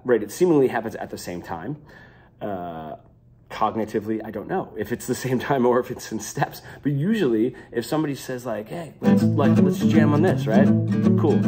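Husky man teaching guitar, rambling. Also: fairly low pitch, a little mellow. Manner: loose and rambling, many fillers and restarts. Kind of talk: unscripted guitar lesson.

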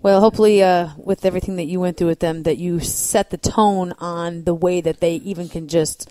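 A woman's voice: on the low side, fairly even intonation, a little fast, dark tone, no room sound. A woman interviewing a guest in a friendly chat, listening attentively and affirming what she hears.

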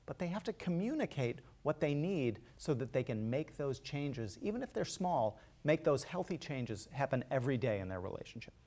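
A man professor presenting a talk on relationship research in a clear, explanatory manner. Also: medium pitch, sing-song, moderate pace, hardly any pauses, dark tone. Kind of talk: scripted talk on couples' health.

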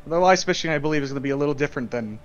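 A jokey man chatting casually as a tabletop game player, with a slightly high voice. The sound is dull and lo-fi. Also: very fast, soft background music. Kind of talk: casual chat.

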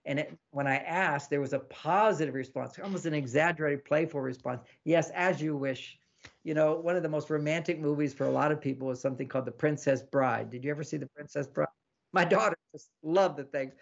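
A man with a slightly high, gravelly voice talks through relationship advice as an interview guest. He is animated and keeps slipping into little acted-out quotes with a laugh. The sound is dull and lo-fi. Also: fast. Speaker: relationship author and podcast guest. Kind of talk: casual advice talk in an interview.

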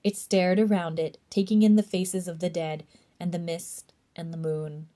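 A woman librarian reading a chapter book aloud for a tween storytime, gentle and even. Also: fairly low pitch, moderate pace.

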